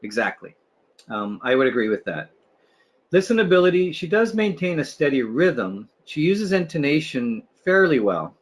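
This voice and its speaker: A man runs an online test-prep webinar, talking through speaking tips one by one. His voice sits in a middle pitch range. He pads his explanations with "um" and "you know" and checks in with "right?". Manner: explanatory, filler-heavy with restarts, asks "right?". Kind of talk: webinar teaching.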